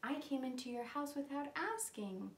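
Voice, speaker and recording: A woman voicing a young girl apologizing in a storybook reading, soft and sorry. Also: high voice, animated, normal speed, recorded from a distance. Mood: apologetic. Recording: roomy echo.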